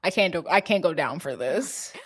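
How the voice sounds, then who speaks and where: A woman's voice: fairly low pitch, lively intonation, normal speed, a crowd in the background. A woman co-hosting a podcast, reacting to a movie recap with blunt jokes in casual chat. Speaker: podcast co-host.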